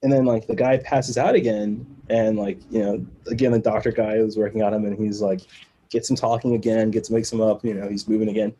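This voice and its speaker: A man guesting on a podcast, telling a long story in a casual, animated way and acting out the other people in it. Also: lowish voice, a little fast, muffled recording, a little hiss or hum. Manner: animated storyteller who acts out quoted voices and laughs between lines.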